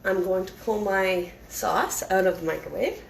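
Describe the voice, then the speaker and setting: A woman's voice: medium pitch, moderate pace, vocal fry, noisy background. A woman giving a casual, rambling cooking demonstration in her home kitchen, chatting as she works with lots of fillers and restarts.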